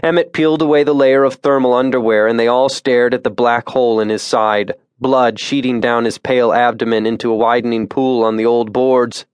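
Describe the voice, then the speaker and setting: A man reading a suspense thriller audiobook in a measured, tense narration voice on a close studio mic. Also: mid-range voice, fairly even intonation, clear, resonant tone, no room sound. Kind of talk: scripted narration.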